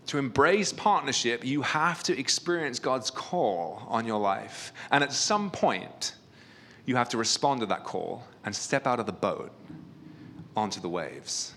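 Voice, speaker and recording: A man's voice: mid-range voice, lively intonation, a little slow, pushed and bright. A man giving a conversational sermon at a church retreat, telling personal stories with a self-deprecating, humorous touch and plenty of fillers. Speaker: pastor.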